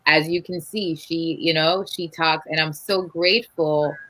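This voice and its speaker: A woman's voice: low-pitched, fairly even intonation, measured pace, fairly bright tone, rough recording. A woman hosting an interview show, affirming and encouraging her guest. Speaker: show host.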